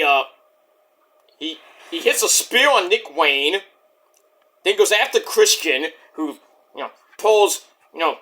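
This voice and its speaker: Lively, bright-voiced man recapping wrestling. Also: high voice. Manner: animated, rambling, profane asides. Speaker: wrestling show reviewer. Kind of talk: casual recap vlog.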